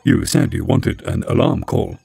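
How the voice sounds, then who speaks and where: A man voicing a sardonic talking computer that speaks in a flat, dull, deadpan way. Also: normal speed, no echo, soft background music, lightly acted.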